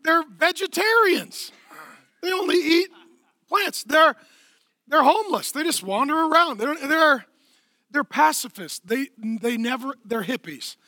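A middle-aged man preaching a lively, playful sermon in a church, swinging from hushed tones to shouting. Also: very high voice, a little slow, dry recording, studio quality. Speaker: pastor. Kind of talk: energetic comedic sermon.

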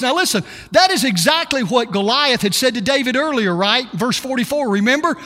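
A man preaches to his church with lively, swooping delivery and a bright, forceful tone. He acts out quotes with plenty of attitude. His voice rings out with long reverb in a large hall. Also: very high voice, brisk, hardly any pauses. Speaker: pastor. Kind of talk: sermon.

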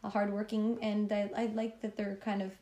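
A woman's voice: medium pitch, completely flat delivery, moderate pace, mellow, reverberant. A woman with a Canadian accent co-hosting a casual late-night podcast, chatty and tired, laughing often and restarting her sentences. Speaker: podcast co-host.

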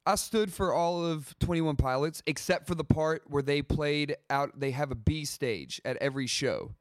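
A man's voice: fairly high pitch, moderate pace, no echo, studio quality. A man hosting a podcast, chatting casually with slang and jokes. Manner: laid-back, joking, Southern slang. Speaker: podcast host. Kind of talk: casual chat.

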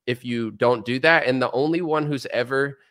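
A man's voice: mid-range voice, moderate pace, fairly bright tone. Joking, sarcastic male podcast host. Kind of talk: casual political chat.

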